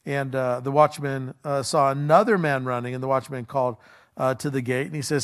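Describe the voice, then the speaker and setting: A male pastor preaches in a relaxed, conversational style, retelling a story in everyday language full of fillers and restarts and acting out the quoted lines. He speaks briskly, with a medium pitch, fairly even intonation and a clean tone.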